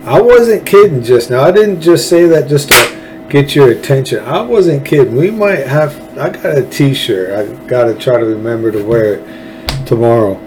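A man's voice: mid-range voice, animated, moderate pace, background noise. A man with a Texan accent hosting a political commentary show, talking in a folksy, fervent, rambling way with frequent restarts. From Texas. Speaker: show host.

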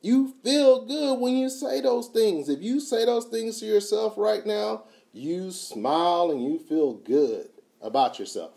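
A man giving a motivational talk, emphatic and repetitive, swinging from quiet to loud. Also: high-pitched, lively intonation, a little slow, vocal fry, hardly any pauses. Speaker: motivational speaker.

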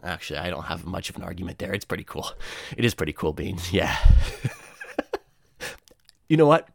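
Rambling, profane young man with a lively voice. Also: a little fast, creaky, no room sound, clean studio sound. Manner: rambling, profane, animated, jumps into high-pitched voices for quoted people. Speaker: comedian. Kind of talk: comedic monologue.

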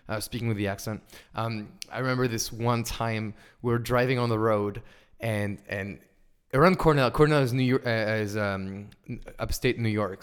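A man in his twenties with a French accent, a guest chatting casually in an interview, animated and full of fillers and restarts. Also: lowish voice, clean tone. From France. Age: 20s. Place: indoors over wine.

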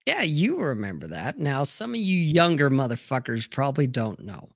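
A man's voice: medium pitch, huge pitch swings, moderate pace, no room sound, clean studio sound. A man hosting a live stream panel, talking bluntly and swearing freely in a rambling, casual way. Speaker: livestream host. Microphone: streaming mic, remote call.

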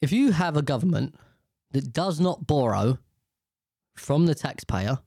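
British man, profane, rambling rant, lively up-and-down pitch, dry close sound. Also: unhurried, no room sound. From United Kingdom. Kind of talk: casual ranting monologue.

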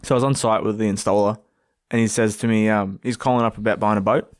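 A man's voice: fairly low pitch, fairly even intonation, fast talker, clean tone, dry recording. A man co-hosting a casual podcast, telling a story with lots of laughter and swearing, close to a podcast mic. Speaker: podcast co-host. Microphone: studio podcast mic, close.

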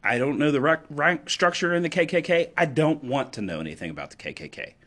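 A man speaking in an impassioned political monologue, with a fairly high voice that leaps up and drops low all the time. He is emphatic and sarcastic, jumping between loud declarations and muttered asides. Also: animated, brisk. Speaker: political commentator.

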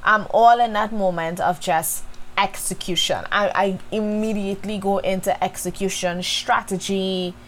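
A woman hosts a reflective faith podcast, speaking candidly and conversationally to her listeners, whom she calls y'all. Her mid-range voice keeps a steady tone at a moderate pace. The recording is rough, with a little hiss or hum.

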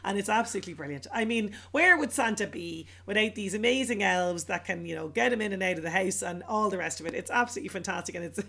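A woman's voice: medium pitch, expressive, quick pace, gravelly, few pauses, sharp tone. A woman co-hosting a casual chat, retelling a film with laughter and put-on voices. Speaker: podcast co-host.

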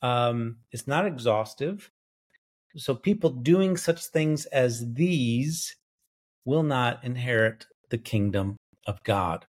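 A man walks through Greek grammar in a Bible study podcast. He thinks out loud, pauses on fillers and corrects himself mid-sentence. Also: mid-range voice, expressive. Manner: lecturing, self-correcting, thinks aloud with fillers. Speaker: biblical scholar co-host. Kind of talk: academic bible study discussion.

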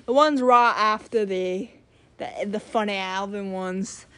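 A woman talking to her channel in a loose, wandering monologue, circling back with fillers and false starts. She speaks slowly and unhurriedly at a middling pitch for a woman. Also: a bit bright, smooth, dry recording. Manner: rambling, many filler words and restarts. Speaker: channel host. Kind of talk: casual rambling monologue.

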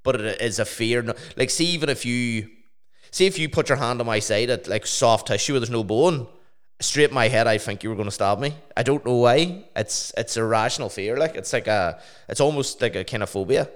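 A young man telling stories and swearing casually on a podcast. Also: a little fast. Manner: swears freely, storytelling in a low mumble. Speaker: podcast co-host, DJ.

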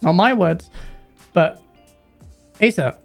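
A man's voice: high voice, takes it slowly, creaky, faint music behind. A man hosting a casual gaming live stream, reading out super chats and putting questions to his guests. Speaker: stream host.

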